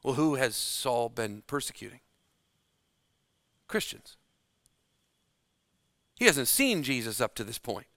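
A man preaching a sermon, slow and dramatic, dropping to a hush to stress key words. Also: mid-range voice, sing-song, no echo.

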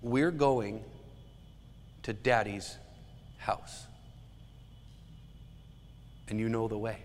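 A man's voice: on the low side, very slow, big-room sound, a little hiss or hum. A man preaching a sermon as a pastor, earnest and emphatic.

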